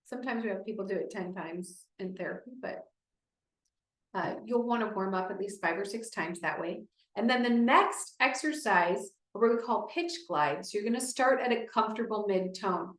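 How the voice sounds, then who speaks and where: A woman's voice: medium pitch, moderate pace, reverberant, rough recording. A woman speech therapist leading a group through voice exercises, encouraging and explaining each step.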